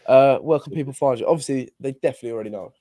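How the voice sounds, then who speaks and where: A young man co-hosting a casual football podcast over a call, excitable and laughing easily, with casual swearing. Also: mid-range voice, very fast, a crowd in the background. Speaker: podcast co-host.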